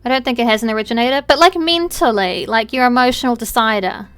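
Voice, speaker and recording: Chatty, animated woman streamer. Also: on the high side, faint music behind. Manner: animated and chatty, with playful swearing and quick asides. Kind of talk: casual chat while playing a game.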